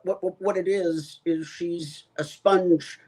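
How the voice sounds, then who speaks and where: A man co-hosting a political talk show, speaking haltingly with many fillers. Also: sits high, fairly even intonation, darkish tone, poor audio. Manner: hesitant, filler-heavy. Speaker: podcast co-host. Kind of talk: casual political chat.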